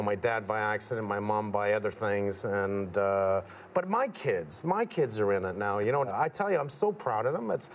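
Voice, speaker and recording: A man speaking as a guest on a talk show, relaxed and chatty. His voice sits in a middle register. He tells his stories warmly in a TV studio, with a faint hum in the background. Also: medium pitch. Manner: storytelling, acts out quotes of his father. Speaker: guest contractor. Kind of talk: casual talk show interview. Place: TV studio with audience.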